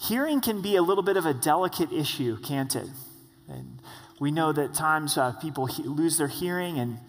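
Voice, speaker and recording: A male pastor preaching a sermon in a conversational way, slowing down to stress key points. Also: a little high, lively intonation. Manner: conversational, slows for emphasis. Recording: long reverb of a church hall.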